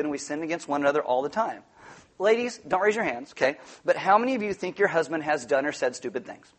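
A middle-aged man preaches with a light, joking touch, breaking off for quick asides to the congregation. His voice sits a little on the high side for a man. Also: a bit bright. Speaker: pastor. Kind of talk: sermon.

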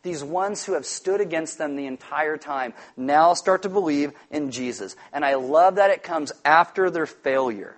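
A man preaching a sermon, animated and jokey, telling stories with loud shouted impressions. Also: on the high side, moderate pace, few pauses. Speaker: pastor.

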